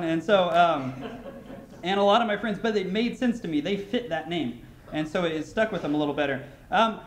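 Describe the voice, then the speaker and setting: An American man gives a keynote speech in a large conference hall, his high voice echoing around the room. His talk is casual and packed with anecdotes, and he often restarts sentences and leans on fillers.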